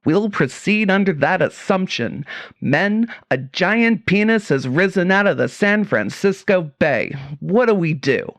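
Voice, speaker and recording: Lady playing a puffed-up army colonel guy, slow bossy storybook voice, kinda gravelly. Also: on the low side, expressive, dry recording, voice pushed up. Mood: commanding. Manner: slow, commanding. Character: blustering middle-aged male army colonel, pompous.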